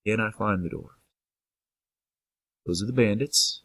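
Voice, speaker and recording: Measured and fairly low in pitch, this man's voice is slightly rough but fairly bright in tone, and he leaves long pauses. As a gameplay commentator in a casual let's-play, he jokes with enemies and reads game text aloud against faint game music.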